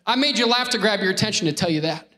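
A male pastor with a notably high voice delivers an animated, joking sermon. He keeps prodding the congregation to answer him back, moving between playful banter and earnest preaching. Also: racing. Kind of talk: lively sermon with crowd call-outs.

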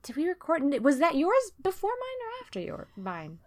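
A woman's voice: very high-pitched, wildly swooping pitch, normal speed. A young woman co-hosting a podcast, chatting casually and rambling with fillers, laughing often. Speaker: podcast co-host. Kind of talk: casual chat.

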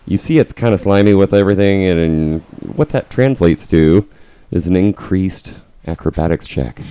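A man runs a tabletop game with a very deep, dark voice, smooth and resonant. He lays out the scene at an easy, unhurried pace. His delivery stays calm and descriptive. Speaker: game master.

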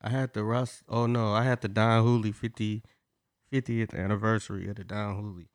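A man's voice: lowish voice, level tone, a little fast, no room sound, studio quality. A man hosting a podcast, talking in a laid-back, slangy and teasing way. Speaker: podcast host. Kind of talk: casual podcast chat.

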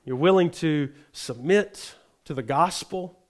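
Man preaching a sermon, reading scripture. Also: takes it slowly. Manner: reads scripture aloud, then explains it plainly; acts out the tone of the quoted verses, rising in pitch. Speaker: pastor.

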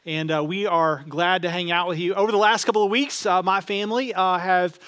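A man preaching a sermon as pastor, telling stories in a relaxed way with many fillers. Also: high voice, fairly quick, clear, resonant tone. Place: church auditorium.

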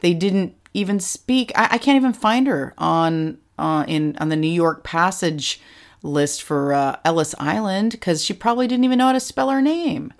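Middle-aged woman, low voice with lots of fry, chatty and animated. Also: moderate pace. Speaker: co-host. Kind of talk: casual chat.

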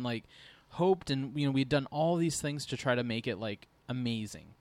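A man's voice: medium pitch, normal speed, darkish tone, no room sound. A middle-aged man co-hosting a casual podcast chat, speaking candidly and rambling with many fillers. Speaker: podcast co-host.

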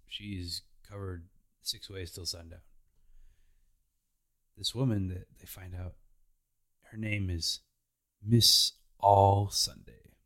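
Retelling anime episodes in a relaxed, playful podcast recap, this man goes slowly and adds put-on character voices for fun. His low-pitched voice sounds pushed and bright.

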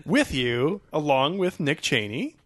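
A man's voice: fairly high pitch, big pitch swings, measured pace, fairly bright tone, dry recording, clean studio sound. A man hosting a film podcast in casual chat, joking and laughing often. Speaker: podcast host.

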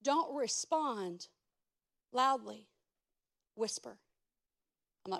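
A woman pastor preaching a sermon, swinging between loud urgent passages and soft hushed speech, with direct asides to the congregation. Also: on the high side, lively intonation, moderate pace.

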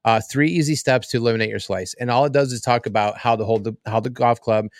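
A man's voice: mid-range voice, quick pace, dry recording, clean studio sound. A man co-hosting a podcast, chatting and eagerly giving tips and laughing along. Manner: eager advice-giver, laughs often. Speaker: podcast co-host. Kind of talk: casual chat.

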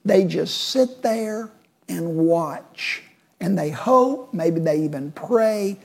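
A woman delivers a sermon in a mellow, slightly husky voice. She speaks emphatically, driving her points home with repeated phrases that build on one another. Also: lowish voice, lively intonation, takes it slowly. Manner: emphatic, building repetitive lists. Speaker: preacher.

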